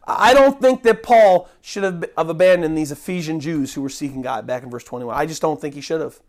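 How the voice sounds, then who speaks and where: A preacher delivering an impassioned sermon, dropping to hushed low lines and then rising into pleading, repeated calls. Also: fairly quick. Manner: repeats phrases for emphasis.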